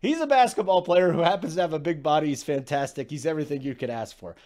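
A man's voice: on the high side, fast talker, darkish tone, close to an everyday voice. A man putting on an impression of an older basketball broadcaster, gushing with grandiose praise. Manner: exaggerated, sweeping praise.

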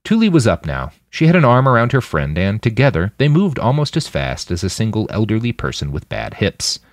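A male audiobook narrator with a somewhat low voice, telling a violent thriller in expressive, dramatic narration. His pitch rises and falls widely, and the recording is close and dry. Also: a little fast, dry recording. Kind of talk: scripted narration.

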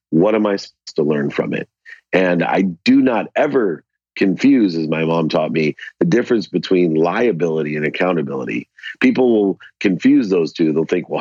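A man being interviewed as a podcast guest, animated as he tells a story and acts out the dialogue. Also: low voice, slightly rough, no echo, muffled recording.

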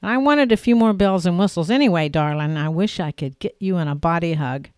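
Lady doing a charming teasing young guy in a storybook, low smooth voice, dry sound. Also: a little fast, a little mellow, no room sound, natural voice. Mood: playful. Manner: mock-archaic playful talk. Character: playful young man, charming, teasing lover.

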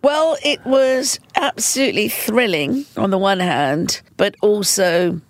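A woman, a film director, telling stories as an interview guest in a lively way and acting out quotes. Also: slow pace, no room sound. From United Kingdom. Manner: lively storyteller who acts out quotes in a high voice. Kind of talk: storytelling interview answers.

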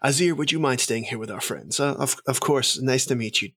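A man's voice: medium pitch, brisk, fairly bright tone, voice pushed up. A man voicing a foppish male elf noble with polished, courtly manners.

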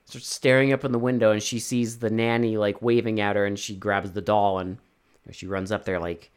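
A man's voice: lowish voice, flat delivery, normal speed, clean tone. A man co-hosting a podcast, recapping a film in casual chat, rambling and swearing, with frequent restarts. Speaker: podcast co-host. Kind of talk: casual movie review chat.

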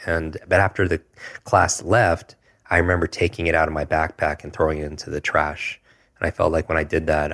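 A man in his forties, a guest telling a personal story in an earnest, reflective way, often pausing with fillers. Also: extremely low pitch, little pitch movement, fairly bright tone. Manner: earnest, reflective, with frequent hesitations and filler words.

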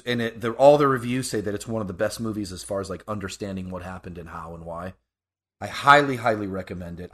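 A man's voice: lowish voice, a bit bright. A man co-hosting a podcast, chatting casually and rambling about a film, with frequent restarts. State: sneezing and coughing. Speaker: podcast co-host.

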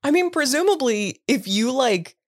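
A woman's voice: high-pitched, big pitch swings, moderate pace, dry recording, studio quality. A woman co-hosting a podcast in casual chat, recapping chapters, swearing and laughing often. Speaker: podcast co-host.

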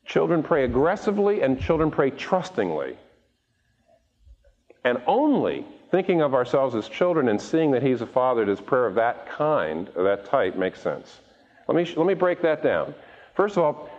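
A man preaching a sermon, animated and restarting words as he speaks, acting out the voices of the people he quotes. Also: medium pitch, moderate pace. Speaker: pastor. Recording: dull recording with long hall reverb.

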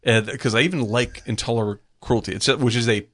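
A man chatting casually about movies, quick to agree and enthusiastic. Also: medium pitch, steady tone, fairly bright tone, dry recording, studio quality. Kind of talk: casual chat.

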